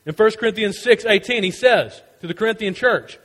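A man's voice: sits high, expressive, moderate pace, few pauses, long reverb tail. A male pastor preaching a sermon, emphatic and urgent, driving home repeated refrains.

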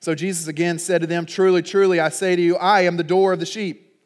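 A middle-aged man preaching a sermon as pastor, animated and acting out little voices in his illustrations. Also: high voice, quick pace.

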